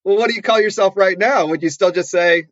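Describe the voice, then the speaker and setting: A man co-hosting a podcast in casual chat, telling stories with lively acted-out dialogue. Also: high voice, quick pace, no echo, lo-fi sound. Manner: animated storyteller, acts out quoted dialogue. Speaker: podcast co-host.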